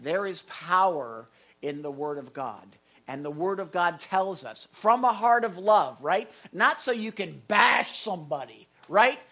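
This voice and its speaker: A male pastor preaching a sermon in an animated way, repeating words and adding asides. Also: high-pitched, a little slow.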